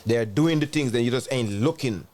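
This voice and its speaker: A man's voice: medium pitch, normal speed, darkish tone. A man, chiming in on a podcast with short, laid-back remarks. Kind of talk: casual chat. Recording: faint background noise.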